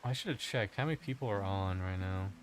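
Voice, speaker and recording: A man's voice: low-pitched, fast, a little hiss or hum. Man joking through casual game commentary. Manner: joking, profane, rambling. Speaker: game streamer.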